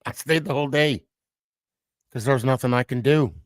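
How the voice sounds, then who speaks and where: A middle-aged man hosting a podcast, speaking in a halting, heartfelt personal monologue with frequent restarts. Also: medium pitch, dry recording. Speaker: podcast host.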